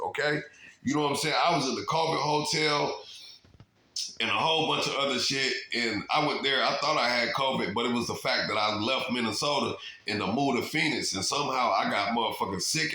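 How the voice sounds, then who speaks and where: A man telling his own story in a rambling, profane, animated monologue and repeating "you know what I'm saying". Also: mid-range voice. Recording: roomy echo.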